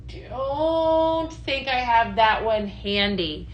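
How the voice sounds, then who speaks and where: A woman's voice: fairly high pitch, very animated, slow pace, a little hiss or hum. A woman consultant hosting a live product show, gushing and chatty, with lots of "just saying" and "right?". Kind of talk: upbeat live sales chat, reading viewer comments.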